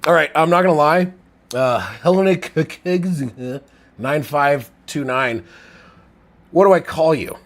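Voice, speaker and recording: A man live-streaming play-by-play commentary while reading chat, a little drunk and with a strained throat, swinging from low mumbles to loud shouts. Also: slow pace. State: tipsy, drinking. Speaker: livestream sports commentator.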